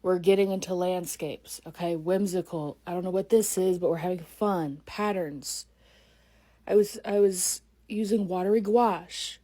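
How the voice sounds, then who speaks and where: A young woman talks through her artwork in a bubbly, chatty vlog style, often cutting herself off mid-thought. Her voice is mellow and a little husky, never sharp. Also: on the low side, fairly even intonation, measured pace. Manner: bubbly, chatty, self-interrupting. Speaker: artist vlogger. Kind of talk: casual vlog narration.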